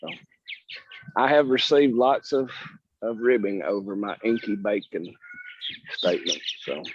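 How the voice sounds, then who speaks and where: Folksy Southern presenter, low voice, dull lo-fi call audio. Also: male voice, measured pace, slightly rough. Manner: folksy, joking, rambling with restarts. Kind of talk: casual presentation on a video call.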